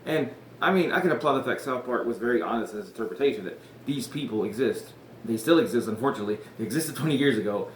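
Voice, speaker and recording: A man's voice: medium pitch, lively intonation, fast talker. A man hosting a podcast, recapping an episode in casual chat, rambling, swearing and laughing often. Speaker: podcast host. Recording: echoey room with faint noise.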